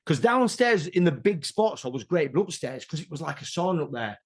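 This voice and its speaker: A man, an interview guest telling rambling, animated stories in casual chat. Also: a little high, brisk, a little hiss or hum. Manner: animated, rambling, many restarts.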